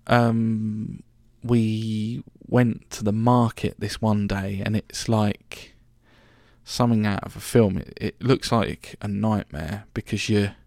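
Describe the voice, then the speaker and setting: A man in his twenties or so tells a travel story in a loose, chatty way, swearing and restarting often. His voice is lowish and gravelly. The recording is dry and close. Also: level tone, takes it slowly, darkish tone, dry recording. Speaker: podcast host. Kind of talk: casual storytelling monologue.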